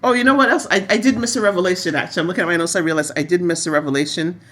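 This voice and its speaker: A middle-aged woman co-hosting a casual soap recap chat, animated and laughing often. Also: rapid-fire. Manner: animated, laughs often, rises high when amused. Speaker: podcast co-host.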